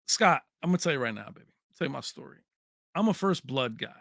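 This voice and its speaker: A man's voice: on the high side, very animated, fast, pushed and bright, dry recording, studio quality. A man hosting a tech livestream in a casual, chummy way, chatting with viewers and calling them baby. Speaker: tech channel host.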